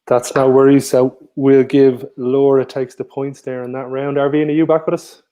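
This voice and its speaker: A man's voice: medium pitch, flat delivery, moderate pace, warm tone. A man co-hosting a quiz over a video call, giving hints and explaining the answers. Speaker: quiz co-host.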